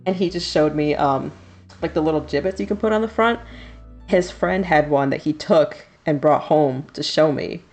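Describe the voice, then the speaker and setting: A woman's voice: deep voice, normal speed, darkish tone, soft background music. A woman in her thirties, a streamer chatting casually and laughing often while doing her nails. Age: 30s.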